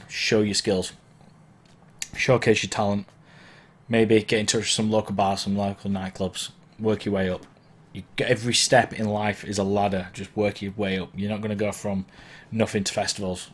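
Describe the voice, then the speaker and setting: A man's voice: fairly low pitch, slight background noise. A man hosting a live question-and-answer stream as a DJ, casual and encouraging, his throat sore from hay fever. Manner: chatty and encouraging, wanders and self-corrects. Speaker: DJ and online Q&A host. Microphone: mic placed below the camera.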